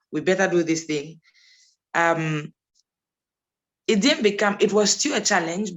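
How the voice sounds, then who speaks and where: A young woman, a native English speaker and recent graduate, answering questions in a casual chat, telling her story with frequent laughs. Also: lowish voice. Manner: chatty, storytelling, laughs often. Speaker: graduate guest.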